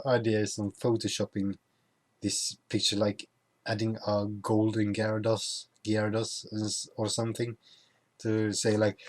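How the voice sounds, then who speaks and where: In a lowish, slightly mellow voice, a young non-native English speaker vlogs about his travels. He talks casually, with plenty of fillers and restarts along the way.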